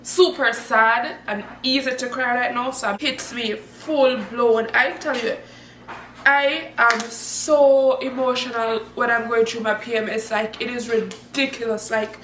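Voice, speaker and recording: Chatty high-voiced woman vlogging at home. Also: a little slow, echoey room, recorded from a distance, slight background noise. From Jamaica. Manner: chatty, laughs often, swoops up high when excited. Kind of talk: casual chat to camera. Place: room at home.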